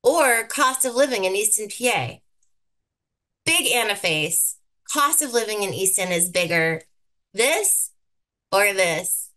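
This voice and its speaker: A woman giving a live online presentation with slides, brisk and upbeat, repeating key words for emphasis. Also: mid-range voice, animated, pushed and bright. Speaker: guest presenter teaching thumbnail design.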